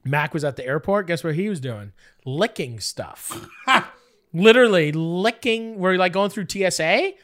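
A congested man in his thirties banters on a casual podcast. His voice swings widely in pitch as he rambles through stories, and now and then it jumps into a high yelp. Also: unhurried. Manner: rambling, animated storytelling with sudden high yelps. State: congested from a cold. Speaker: podcast co-host.

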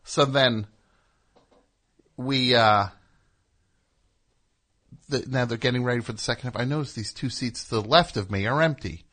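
A man's voice: mid-range voice, normal speed, pauses often, a bit bright. A man from New Jersey hosting a radio show, telling a rambling anecdote and acting out what people said. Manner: rambling anecdote with acted-out quotes. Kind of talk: casual storytelling chat.

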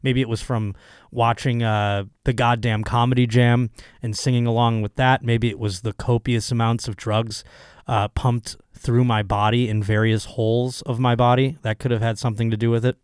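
Hoarse man rambling on his podcast. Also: mid-range voice, moderate pace, no echo, clean studio sound. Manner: rambling, profane, excitable. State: hoarse, voice still recovering. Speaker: comedian podcast host. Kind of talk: casual solo podcast monologue.

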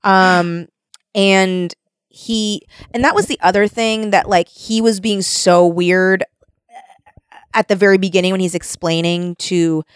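A woman's voice: mid-range voice, fairly even intonation, measured pace, clear, resonant tone, dry recording, clean studio sound. A woman hosting a podcast, chatting casually about a book, blunt and swearing freely. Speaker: podcast host.

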